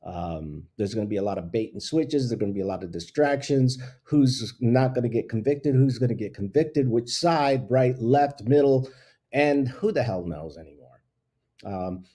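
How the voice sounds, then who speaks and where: A man's voice: mid-range voice, animated, normal speed, warm tone, husky. A man hosting his own talk show, ranting bluntly in casual opinion talk and laughing at himself. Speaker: show host.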